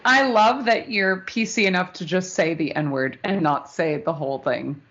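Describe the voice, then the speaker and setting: An American woman, a guest on a podcast, telling stories in an excitable, chatty way during casual chat. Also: lowish voice, moderate pace, highs cut off. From United States.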